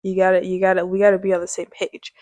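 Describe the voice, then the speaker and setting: A woman's voice: fairly low pitch, completely flat delivery, fast, darkish tone, no echo. A young woman vlogger gushing dramatically over office outfits and shoes in casual, slangy chat. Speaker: fashion vlogger. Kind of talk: casual product showcase.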